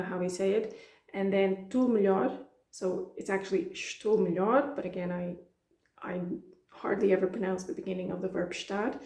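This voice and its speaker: A woman with a European Portuguese accent explains phrases in a mellow, relaxed voice, acting out bits of dialogue and laughing easily. Her voice rings with a roomy echo. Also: mid-range voice. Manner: chatty, laughs often, acts out dialogue lines. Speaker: language teacher. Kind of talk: casual explanatory lesson.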